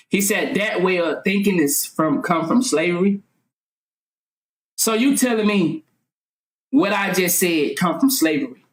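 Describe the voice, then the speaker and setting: A woman vlogger delivering a fervent monologue full of rhetorical questions, at times yelling and swearing freely. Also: fairly low pitch, slow, long pauses. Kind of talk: impassioned monologue. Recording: roomy echo.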